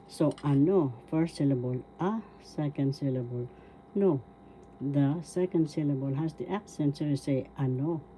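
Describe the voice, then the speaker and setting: A woman with a Filipino accent teaching a language lesson, sounding out words slowly syllable by syllable. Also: low-pitched, mellow, slight background noise. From Philippines. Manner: slow, careful syllable-by-syllable pronunciation. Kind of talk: slow spoken language lesson.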